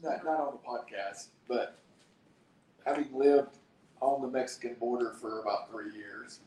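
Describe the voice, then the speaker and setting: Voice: medium pitch, a little slow, warm tone. An adult host of a casual family podcast, asking kids questions with hesitant fillers. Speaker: podcast host interviewing children. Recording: very echoey room, distant mic, faint hiss.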